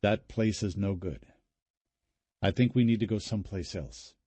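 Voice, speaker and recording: A man's voice: on the low side, moderate pace, dark tone, husky, no room sound. A man narrating an audiobook, voicing a grieving man who speaks bluntly and tersely. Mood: grim.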